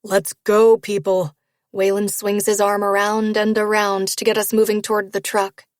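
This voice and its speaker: A woman narrating a first-person romance novel in a steady storytelling read. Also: mid-range voice, normal speed, no echo, clean studio sound. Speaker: audiobook narrator.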